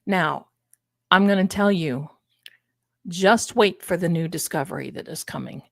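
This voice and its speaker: Older woman rambling on a live stream, slow easygoing talk, dry close sound. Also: fairly low pitch, creaky, dry recording. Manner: chatty, digressive, storytelling asides. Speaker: host of a live tarot and commentary stream. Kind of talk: casual live-stream commentary.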